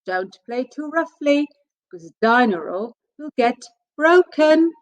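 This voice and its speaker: A jolly, chuckling father pig read out by a woman, easygoing and warm-hearted. The voice lilts slowly through each line in a storybook tone. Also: sits high, expressive, voice pushed up. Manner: jovial, chuckling. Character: jolly fatherly daddy pig, slightly clumsy.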